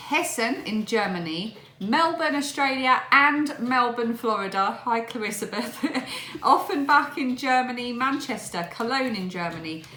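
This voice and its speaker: A woman's voice: a little high, a bit bright, roomy sound, slight background noise. Chatty woman vlogging from home. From England. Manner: chatty, laughs often, reads a long list. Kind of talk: casual home vlog chat. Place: home room at a table.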